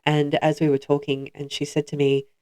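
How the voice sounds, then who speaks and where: A woman's voice: low-pitched, monotone, normal speed, darkish tone. A woman co-hosting a podcast, telling personal stories in a reflective, conversational way. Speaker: podcast co-host. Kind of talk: casual chat.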